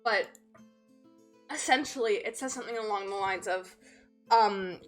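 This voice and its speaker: A woman's voice: medium pitch, moderate pace, pauses often, faint music behind. Rambling woman game master. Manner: rambling, full of fillers. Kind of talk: narrating a tabletop game.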